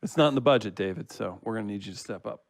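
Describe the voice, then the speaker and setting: A man's voice: lowish voice, rapid-fire, vocal fry, a crowd in the background. A man reading out listener comments on a casual comedy podcast, laughing easily and teasing the hosts.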